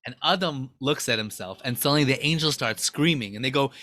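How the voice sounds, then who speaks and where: A man teaching a Torah class, retelling a story with dramatic excitement. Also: mid-range voice, brisk, few pauses, no echo, clean studio sound.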